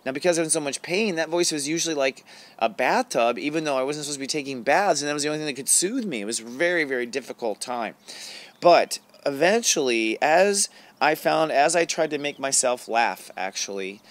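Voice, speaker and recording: A man's voice: on the high side, lively intonation, fairly quick. A middle-aged man hosting an astrology show, talking casually and confessionally to camera, with frequent fillers and laughs. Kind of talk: casual spiritual talk to camera.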